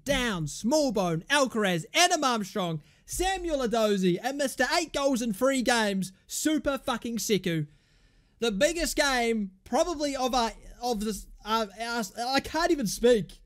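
A young man, commentating on his own football management game in an excitable, sweary way. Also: very high voice. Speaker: gaming YouTuber.

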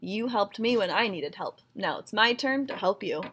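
A woman voicing the wind as a kindly, helpful spirit in a storybook reading, speaking gently and politely. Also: medium pitch, animated, moderate pace, slightly rough. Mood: gentle.

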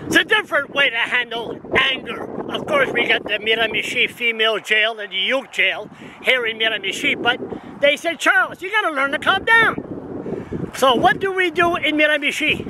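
A man in his 60s vents to a stand-mounted camera on a windy town street, agitated and rambling, going over the same points again and again. He's a vlogger whose voice is very high-pitched and moderately paced. Wind and traffic noise fill the outdoor recording.

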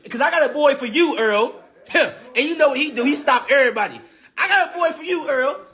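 A man's voice: very high-pitched, animated, fairly quick, sharp tone. A young man trash-talking rivals on a phone live stream, brash and taunting, often laughing and repeating himself. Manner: brash, taunting, repetitive, laughs mid-sentence. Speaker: boxer on a social media live stream.

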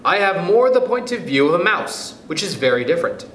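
A man's voice: high voice, very animated, a little fast, a bit bright, pitched above the performer's own voice. A man reading a storybook, voicing an earnest, fussy little male mouse who speaks solemnly and lectures. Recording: echoey room, faint background noise.

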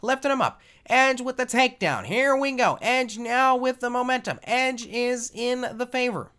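A man putting on the voice of a hyped-up male wrestling play-by-play announcer, calling the action loudly and excitably. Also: moderate pace, clear, resonant tone. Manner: loud, booming, excitable calls.

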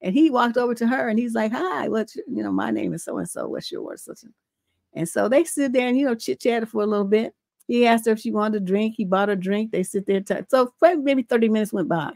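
Middle-aged female advice host, frank and profane storyteller, a touch high-pitched, dry room. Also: quick pace, darkish tone, no room sound. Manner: blunt and profane, tells stories. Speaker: relationship coach and advice show host. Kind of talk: livestream advice talk.

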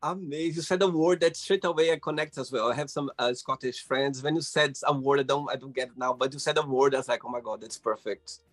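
A man's voice: fairly high pitch, steady tone, fast, few pauses, soft background music. A man hosting a casual interview, encouraging his guest and laughing often, with loose phrasing. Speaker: host. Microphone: video call.

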